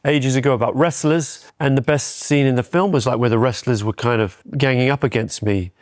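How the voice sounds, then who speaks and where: A man's voice: mid-range voice, fairly quick, no room sound, clean studio sound. A man in his fifties, a documentary filmmaker, telling wry self-deprecating anecdotes in a casual interview. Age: 50s.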